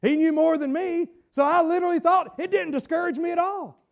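A man, preaching a fervent sermon with halting restarts and shouted bursts. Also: extremely high pitch, creaky, muffled recording. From Southern United States. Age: 40s. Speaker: pastor.

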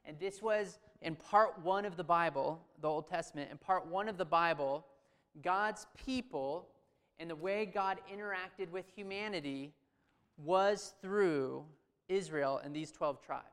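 A man preaching a sermon in a church hall, his smooth, resonant voice trailing off into a long reverb. He talks loosely and conversationally, with restarts, and asks the crowd questions as he goes. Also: on the high side, measured pace, a bit bright. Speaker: pastor. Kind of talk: sermon with scripture reading.

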